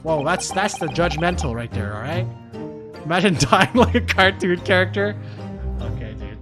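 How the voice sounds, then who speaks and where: Young man, casual profane streamer, slightly high voice, game music under. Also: very animated, moderate pace. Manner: profane, joking, laughs often. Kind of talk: casual gameplay commentary.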